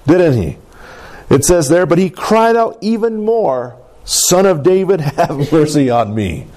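A man preaching a sermon, animated and acting out the quoted cries with big swings in his voice. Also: high voice. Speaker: pastor.

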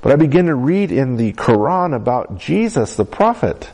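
A man's voice: moderate pace, gravelly, husky, full character voice. A man voicing an overjoyed young woman. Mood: elated. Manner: excited, high-pitched exclaiming. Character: young woman, overjoyed after being healed.

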